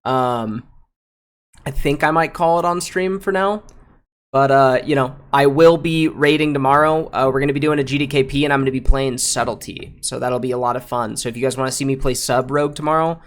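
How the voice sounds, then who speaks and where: A man's voice: mid-range voice, fairly even intonation, brisk. Male streamer reviewing raid footage live; foul-mouthed, heated, repetitive, slangy. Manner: profane, heated ranting; repeats phrases, slangy with "bro" and "dude".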